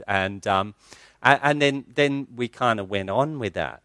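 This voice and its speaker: A man's voice: medium pitch, big pitch swings, normal speed, a bit bright, no echo. A male pastor, giving an earnest, conversational sermon in a church that includes a personal story.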